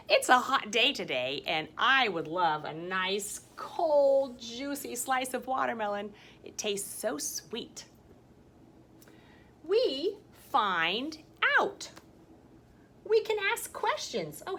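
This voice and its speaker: A woman teaching a science lesson to young children, talking in a slow, sing-song teacher voice full of exaggerated enthusiasm. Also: on the high side, a bit bright, slight background noise. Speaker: kindergarten teacher. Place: school campus, partly outdoors.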